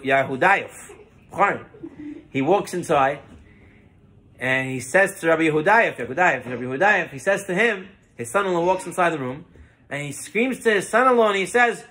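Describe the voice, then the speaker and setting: A man's voice: a little high, lively intonation, normal speed, pushed and bright. A man giving a Torah lesson as a rabbi, telling stories and mixing Hebrew terms into his English.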